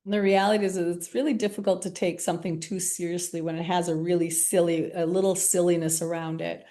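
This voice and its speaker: Workshop facilitator, woman, lowish voice, warm candour, laughs as she talks. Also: flat delivery, fast. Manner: gentle, candid, laughs often while talking. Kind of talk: reflective group workshop talk.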